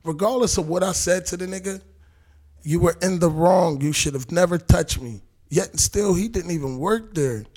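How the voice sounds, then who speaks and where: A man tells his story with loud, profane energy, jumping into the voices of everyone involved. His voice sits a touch high and is husky and breathy. He sounds like a guest holding the floor on a casual podcast. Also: normal speed. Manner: animated, profane, acts out quotes.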